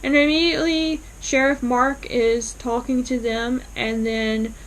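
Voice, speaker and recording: A woman's voice: a little high, fairly even intonation, measured pace, poor audio. A woman vlogger casually recapping a TV episode, retelling scenes in a chatty way with fillers.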